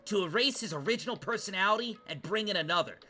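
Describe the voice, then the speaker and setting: A man reading the lines of a blunt, scheming young male student from a game, in a flat reading voice. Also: high-pitched, fast, soft background music, voice pushed up. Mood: matter-of-fact.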